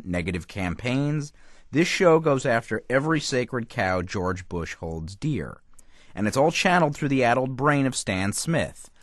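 A man's voice: mid-range voice, a bit bright, no echo, clean studio sound. A male TV critic delivering a scripted radio review with a wry, emphatic manner.

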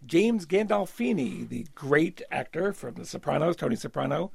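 A man's voice: a little high, lively intonation, normal speed, vocal fry, darkish tone, husky, dry recording. A middle-aged man co-hosting a political podcast in a radio studio, chatting and bantering with plenty of fillers. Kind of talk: casual political chat.

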